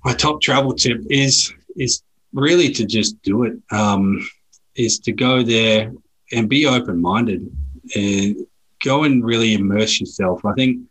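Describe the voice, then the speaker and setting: An Australian man talking as a guest, telling travel stories in a relaxed way with frequent restarts. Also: mid-range voice, measured pace, low-quality recording. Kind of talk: casual conversation.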